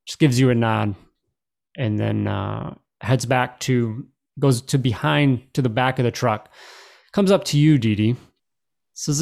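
A man's voice: mid-range voice, a little slow, gravelly, darkish tone. A man running a tabletop game as game master, narrating casually with many fillers.

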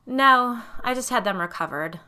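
A woman's voice: fairly high pitch, animated, normal speed, pushed and bright. A woman voicing a haughty, snappish wealthy suburban mom who talks in curt, bossy bursts. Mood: snippy.

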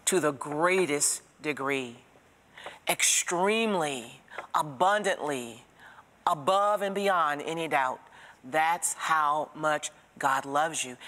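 A woman teaching a Bible study, telling stories in an expressive, preacherly way and asking the listener direct questions. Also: sits low, slow, long reverb tail.

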